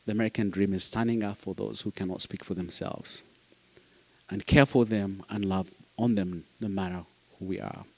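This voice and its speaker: This foster parent at a summit has a low, creaky voice with a steady tone and normal speed. Earnest and heartfelt, he addresses the audience while repeating phrases and starting sentences over.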